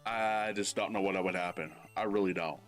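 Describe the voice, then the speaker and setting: A man's voice: low voice, soft background music. A man in his thirties, a speedrunner joking and reacting in casual commentary over his own run. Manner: excitable, joking, quick bursts. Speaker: speedrunner and streamer.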